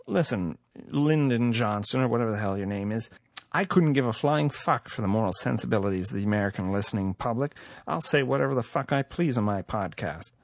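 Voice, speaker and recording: A man's voice: medium pitch, gravelly, dry recording, clean studio sound, close to an everyday voice. A man voicing a foul-mouthed, defiant male podcaster who talks back brashly in a comedy sketch. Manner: brash, profane and quick-tempered.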